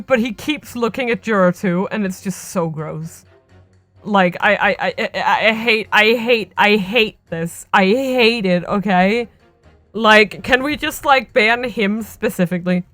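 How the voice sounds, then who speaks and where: A woman streaming a video game, chatting excitedly, laughing and tripping over her words when she gets worked up. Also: medium pitch, unhurried, faint music behind. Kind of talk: casual let's-play commentary, reading game dialogue aloud.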